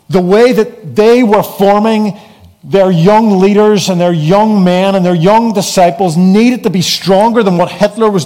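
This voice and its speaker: A man with a fairly high voice delivers a sermon in an earnest tone. He reads scripture slowly, letting his phrases fall away softly, and later drives home short refrains with rising force. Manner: earnest, builds to repeated emphatic refrains. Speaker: keynote preacher.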